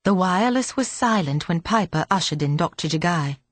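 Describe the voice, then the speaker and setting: Low-voiced woman reading an audiobook. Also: expressive, fairly quick, dry recording. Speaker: audiobook narrator. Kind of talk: scripted narration.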